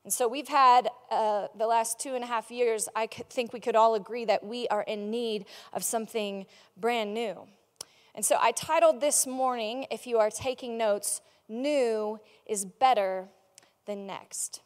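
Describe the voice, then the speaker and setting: A woman pastor preaching from a large church stage with a high voice. She moves between earnest prayer and playful, chatty teaching. A long reverb hangs behind her words. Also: measured pace. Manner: soft and earnest in prayer, lively and joking in teaching. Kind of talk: sermon.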